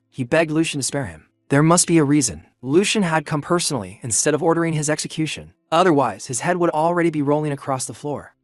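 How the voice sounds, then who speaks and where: A man narrating a scripted story recap in an even, steady way. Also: fairly high pitch, no echo, studio quality. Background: faint music.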